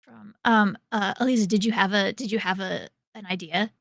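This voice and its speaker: A woman in casual tabletop game chat, her voice bright with a gravelly edge. She explains things eagerly, rambling and restarting as she goes. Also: mid-range voice, steady tone, moderate pace, dry recording. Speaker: player.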